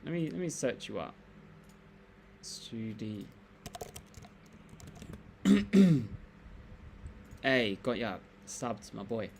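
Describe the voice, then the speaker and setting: A man's voice: mid-range voice, very animated, extremely slow, creaky, pauses often, darkish tone, a little hiss or hum. A man hosting a live stream, chatting casually and reading out comments in a rambling, laid-back way with lots of fillers and restarts.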